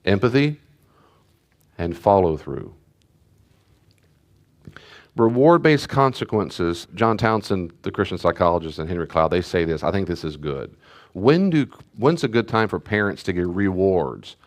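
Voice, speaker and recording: A man's voice: deep voice, expressive, a little slow, pauses often. A middle-aged man, a pastor, teaching parents in a conversational way, repeating key phrases and acting out parent and child voices. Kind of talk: teaching talk to a church group.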